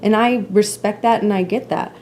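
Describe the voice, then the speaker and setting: A woman's voice: mid-range voice, fairly even intonation, moderate pace, darkish tone, slight background noise. A woman in her forties, a podcast guest, talking openly and emotionally in a casual conversation. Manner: open, emotional, candid storytelling.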